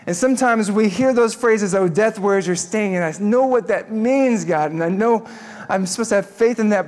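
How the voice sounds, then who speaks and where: Male pastor, higher voice, lively humorous storyteller in a sermon. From Texas.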